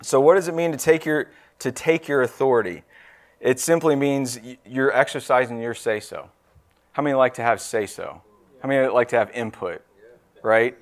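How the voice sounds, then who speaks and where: A man's voice: medium pitch, normal speed. A man in his thirties or forties preaching a sermon in a casual, conversational way, often asking the room "right?".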